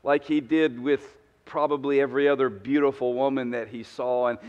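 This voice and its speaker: A man's voice: medium pitch, steady tone, moderate pace, a little mellow, clear, resonant tone, long reverb tail, dull audio. A man, preaching a humorous sermon with joking, conversational storytelling. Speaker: pastor. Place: church sanctuary.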